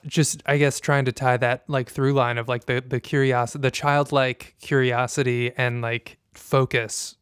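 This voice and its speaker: A man muses aloud in a steady, flat-toned voice that stays smooth and clear. He hosts a casual conversation, thinking out loud and filling pauses with "like" and "you know". The sound is dry and close. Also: medium pitch, no room sound. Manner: reflective, measured, many fillers.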